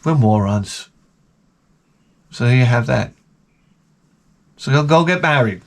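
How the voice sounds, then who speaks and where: A man's voice: medium pitch, animated, normal speed, gravelly, a little hiss or hum. A man hosting a podcast in a casual comedic rant, sarcastic, mocking and full of profanity. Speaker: podcast host.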